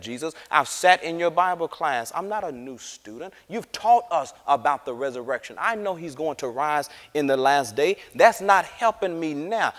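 A man's voice: a little high, fairly bright tone, long reverb tail, voice pushed up. A man voicing Martha, a grieving and frustrated woman who complains indignantly.

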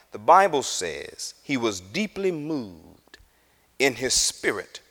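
A man teaching a Bible class, animated and acting out the scripture characters as he reads. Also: mid-range voice. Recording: reverberant room.

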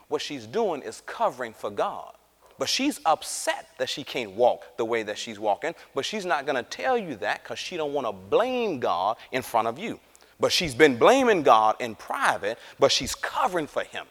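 A man's voice: medium pitch, big pitch swings, moderate pace, fairly bright tone, in a large hall. A male preacher giving a conversational sermon, often asking the audience questions.

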